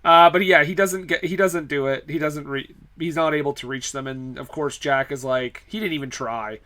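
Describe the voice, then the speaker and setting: A man's voice: on the high side, steady tone, normal speed, sharp tone. A man co-hosting a podcast, recapping film scenes in casual chat, laughing often and using lots of fillers. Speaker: podcast co-host. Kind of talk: casual movie-review chat.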